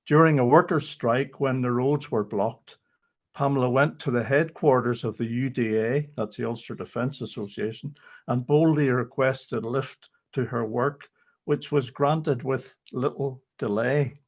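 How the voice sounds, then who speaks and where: A man's voice: medium pitch, unhurried. Older man reading rhymed memoir.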